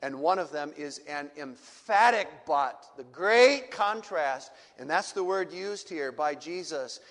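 High-voiced slow male preacher. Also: lively intonation, big-room sound. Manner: slow, deliberate, drops to a low soft voice. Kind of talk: sermon.

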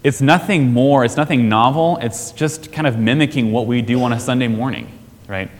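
A man's voice: mid-range voice, moderate pace. Conversational man teaching in an echoey hall. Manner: conversational, asks the audience questions, frequent "right?". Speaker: teacher on family discipleship. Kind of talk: church teaching talk.

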